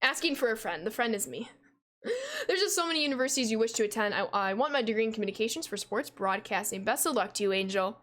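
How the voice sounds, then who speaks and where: A young American woman in her twenties, a gaming streamer chatting casually with her viewers, loud and talkative, reading chat aloud and laughing often. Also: on the high side, big pitch swings, quick pace. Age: 20s. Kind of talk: casual livestream chat while playing.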